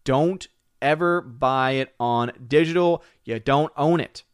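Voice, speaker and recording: A man hosting a live stream, chatting casually with viewers in an excitable way and often repeating words as he hurries on. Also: mid-range voice, clear, resonant tone, no echo, clean studio sound. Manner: excitable, repeats words while rushing to the point. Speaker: live stream host reading viewer chats.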